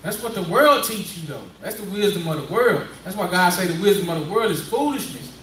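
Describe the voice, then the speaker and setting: A man's voice: high voice, animated, a little fast, a bit bright, a little hiss or hum. A man preaching in a conversational call-and-response style, prodding a reader through a Bible passage and repeating his points. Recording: echoey room, distant mic, faint ambience.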